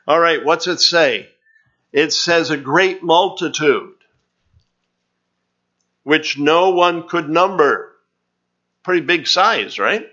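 A male preacher delivers a sermon in an earnest teaching tone, reading scripture aloud. His delivery is slow and deliberate, at a medium pitch. The recording sounds muffled and lo-fi. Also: a bit bright.

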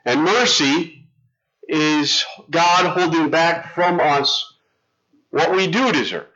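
Middle-aged male pastor, chatty storytelling sermon delivery, forceful tone, muffled recording. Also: a little high, slow pace. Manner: conversational, storytelling with self-interruptions and restarts. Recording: dull lo-fi sound.

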